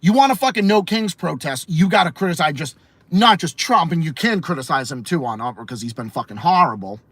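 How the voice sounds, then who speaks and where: A man's voice: fairly high pitch, lively intonation, a little fast, fairly bright tone, husky, dry recording. A man hosting a late-night livestream podcast, ranting casually, swearing a lot, repeating himself and laughing often. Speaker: podcast host and streamer.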